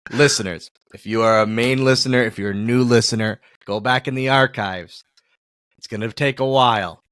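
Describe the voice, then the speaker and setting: A man's voice: medium pitch, normal speed, fairly bright tone, no room sound, clean studio sound. A man hosting a podcast in casual chat, telling self-mocking stories and laughing often. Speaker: podcast host.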